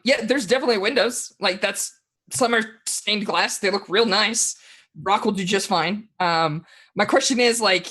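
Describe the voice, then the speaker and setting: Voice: mid-range voice, bright, forceful tone. A game master narrating a tabletop role-playing game in a rambling way, with many fillers.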